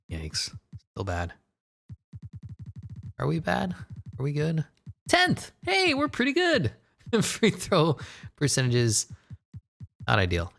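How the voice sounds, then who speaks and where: Excitable man narrating a basketball game. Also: medium pitch. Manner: excitable, swearing, jokey asides and laughs. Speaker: gaming commentator. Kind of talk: casual gameplay commentary.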